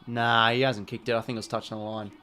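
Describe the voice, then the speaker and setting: A man's voice: medium pitch, fast, smooth. A young Australian man hosting a live football watch-along, calling the play casually and chatting with viewers, swearing when frustrated. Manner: casual, excitable, swears, talks to chat viewers. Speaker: livestream host calling a football match.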